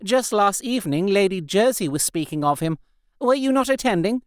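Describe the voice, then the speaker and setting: A man's voice: sits high, expressive, clean tone, no echo, studio quality, pitched above the performer's own voice. A man voicing a fussy, gossipy young society lady in an audiobook. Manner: brisk, bossy, socially fussy.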